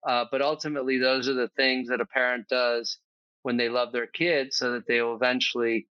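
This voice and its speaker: A man's voice: medium pitch, flat delivery, a little fast, bright, forceful tone, smooth, dry recording, lo-fi sound. A man speaking as a podcast guest in a casual, earnest, reflective conversation, thinking aloud with fillers.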